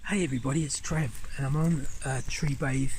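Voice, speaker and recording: A man's voice: mid-range voice, steady tone, a little fast, vocal fry, a little hiss or hum. Rambling man guiding a forest walk. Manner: gentle, rambling, enthusiastic. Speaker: nature guide. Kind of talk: outdoor vlog instruction. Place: forest by a river in the rain. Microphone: handheld camera.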